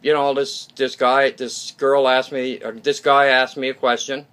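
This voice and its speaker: A man of ordinary pitch gives a loose, unscripted talk to his viewers. He is blunt and opinionated and swears now and then. He rambles, restarts his sentences and keeps asking "okay?" to check in. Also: flat delivery, a little slow, a bit bright, clean tone. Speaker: YouTube channel host. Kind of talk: casual unscripted monologue.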